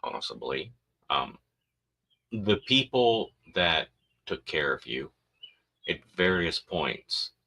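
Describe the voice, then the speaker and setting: A man hosting a podcast rambles casually with crude jokes, often performing silly voices of babies and parents. His low-pitched voice swings widely in pitch, and he speaks slowly with long pauses and a sharp tone.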